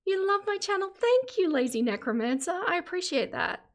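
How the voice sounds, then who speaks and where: A woman's voice: very high-pitched, very animated, brisk. A middle-aged Australian woman chatting casually on a live stream, reading out chat comments and laughing often.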